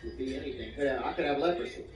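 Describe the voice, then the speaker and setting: A man doing rambling, deadpan stand-up comedy, filling his lines with "you know.". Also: medium pitch, rapid-fire, soft background music. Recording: echoey, distant, dull, noisy live room.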